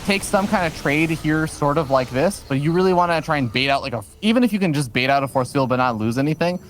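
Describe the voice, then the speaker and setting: A man's voice: fairly high pitch, expressive, fast, slight background noise. A man co-casting a live strategy game match, trading playful banter and breaking down the play in detail. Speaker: esports caster.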